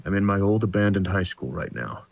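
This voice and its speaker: A man's voice: on the high side, normal speed, a bit bright, dry recording. A man playing a frantic caller lost in his old school, stammering and rambling in an improv comedy scene. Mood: flustered. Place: video call from home.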